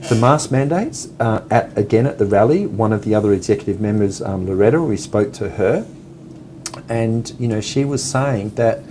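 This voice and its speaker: Earnest low-voiced West Australian man. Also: mellow, a little hiss or hum. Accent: Western Australian. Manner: earnest, halting, many fillers. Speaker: co-host. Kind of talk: casual chat.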